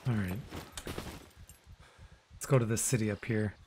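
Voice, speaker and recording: A man's voice: lowish voice, measured pace, slight background noise. Laid-back male game streamer. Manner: relaxed, chatty, trails off into mumbles. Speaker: gaming live streamer. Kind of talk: casual live-stream commentary.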